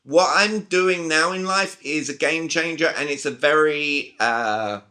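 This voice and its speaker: British male sales coach, 40s, somewhat high and forceful, on a video call. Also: unhurried. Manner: emphatic, talks straight to the group with questions. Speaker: communication coach. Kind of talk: live online sales training.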